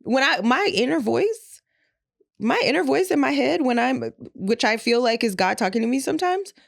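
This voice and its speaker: A woman's voice: sits high, very animated, moderate pace, gravelly. A woman from St. Louis with a St. Louis accent, co-hosting a podcast and talking candidly in casual chat. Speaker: podcast co-host.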